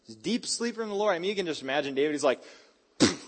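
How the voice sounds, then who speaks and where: A male preacher giving a sermon, retelling scripture in a hyper, animated way with casual slang. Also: a little high, very fast.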